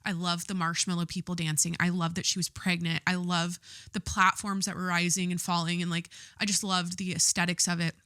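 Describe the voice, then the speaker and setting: Young woman, solo podcast host, lowish voice, blunt and sweary, slightly stuffy with a cold, dry close sound. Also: flat delivery, a little fast, bright, forceful tone, dry recording. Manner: candid and profane, lots of fillers. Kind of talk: casual solo podcast monologue.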